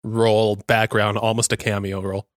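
A man's voice: fairly low pitch, little pitch movement, brisk, no echo, clean studio sound. Playful man co-hosting a podcast. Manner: playful, laughs a lot, stumbles and repeats words. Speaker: podcast co-host. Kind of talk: casual movie podcast chat.

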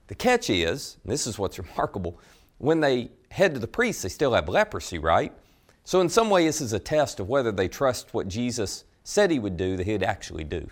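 A man preaching a sermon, telling a story with animated delivery and asking listeners direct questions. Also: medium pitch, moderate pace. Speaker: pastor.

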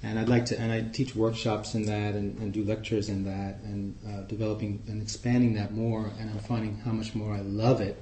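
A man with a New York accent, giving a relaxed, chatty talk to a group as guest speaker. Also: on the low side, a little fast, hardly any pauses, slight background noise. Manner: relaxed, chatty, warm humor. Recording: echoey room.

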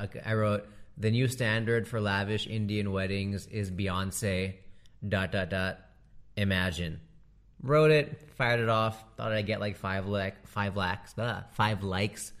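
Laughing, animated comedian riffing. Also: male voice, lowish voice. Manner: animated, laughing often, slangy. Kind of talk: casual comedic monologue.

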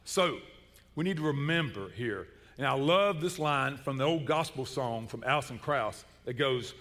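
A man's voice: on the high side, moderate pace, in a large hall. A middle-aged man, preaching a sermon and telling stories with comic energy. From Chattanooga, Tennessee. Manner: animated, comic storytelling. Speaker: pastor. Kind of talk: sermon with storytelling.

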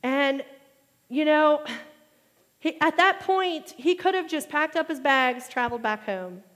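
A woman preaching a sermon, animated and getting loud when she makes her main points. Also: high voice, measured pace. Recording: long hall reverb.

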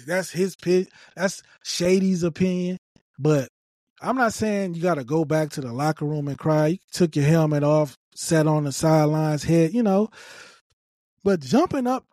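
A man's voice: sits high, darkish tone, no room sound, studio quality. A man giving emphatic, repetitive opinion commentary on a video clip, scolding and lecturing.

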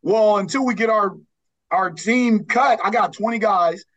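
Brief: man from Los Angeles, basketball coach, higher-pitched voice, earnest and rambling as a podcast guest. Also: unhurried, a bit bright, poor audio. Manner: earnest, rambling, with many restarts.

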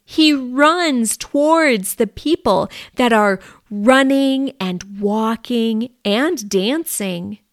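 A woman reading a simple story aloud for language learners, clear and deliberate. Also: a little high, dry recording, clean studio sound.

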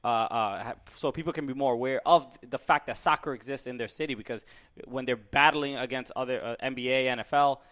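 A man's voice: mid-range voice, fairly quick, a bit bright. Hesitant male podcast co-host. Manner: hesitant, many restarts and uh's. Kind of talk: casual podcast chat.

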